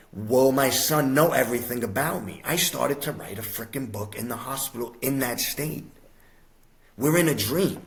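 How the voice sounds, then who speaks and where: A middle-aged man from the USA, a podcast guest telling a personal story in an animated, streetwise way, often calling the host "bro" and "my brother". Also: medium pitch.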